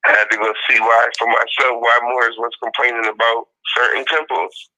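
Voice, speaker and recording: Man, casual commentary, very bright forceful voice, repeats himself for emphasis. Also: medium pitch, fairly quick, low-quality recording. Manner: animated, repeats points, mimics quotes. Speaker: podcast co-host.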